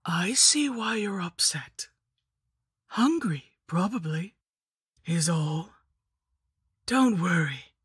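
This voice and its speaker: A crooning old lich hag. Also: female voice, fairly low pitch, lively intonation, no echo, clean studio sound, full character voice. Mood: crooning menace. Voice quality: breathy, husky whisper. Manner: cooing, slow, crooning. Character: sweetly menacing old female lich hag.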